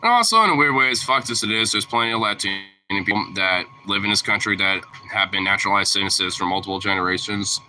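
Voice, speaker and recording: A man's voice: on the low side, expressive, fast talker, few pauses, bright, forceful tone, a little hiss or hum, rough recording. A young man from Portland in a casual vlog, rambling with many fillers and heavy swearing. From Portland, Oregon.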